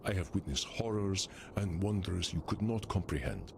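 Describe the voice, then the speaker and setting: A thousands-of-years-old vampire therapist in a game, stiff, regal and solemn. His voice sits very low with a gravelly fry under the formal, archaic phrasing. Every word comes out measured. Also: expressive, noisy background.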